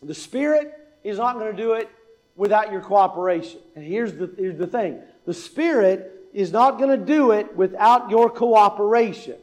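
A man's voice: sits high, animated, normal speed, darkish tone. A male pastor preaching a sermon in a church, emphatic, asking rhetorical questions and repeating key points.

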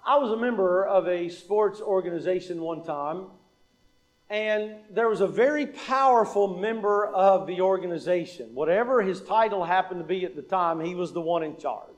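A man with a high voice delivers a sermon and puts question after question to the congregation before answering them himself. He leans on repetition to drive a point home and acts out the dialogue in his stories. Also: normal speed. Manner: repeats lines for emphasis; acts out quoted dialogue in an anecdote. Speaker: preacher.

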